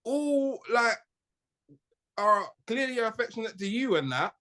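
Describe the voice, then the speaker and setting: A man's voice: extremely high pitch, lively intonation, unhurried, bright, forceful tone. A young man, co-hosting a podcast and riffing in a joking, slangy way. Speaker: podcast co-host. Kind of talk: casual chat.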